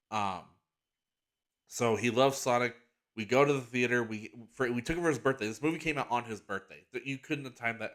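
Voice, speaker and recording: A man hosting a casual solo podcast, his voice sitting at an ordinary middle pitch. He talks in a rambling, enthusiastic way, full of "like" fillers and false starts. He turns earnest and a little soppy on a heartfelt subject. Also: fairly bright tone. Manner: rambling, enthusiastic, heavy use of "like" and restarts; gets emotional and earnest about a heartfelt topic. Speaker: podcast host.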